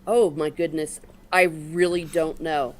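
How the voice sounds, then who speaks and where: A woman's voice: low-pitched, steady tone, a little slow. A woman in her late forties hosting a casual livestream on a video call, chatty and joking at her own expense. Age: 40s. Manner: chatty, jokey, self-mocking. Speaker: host.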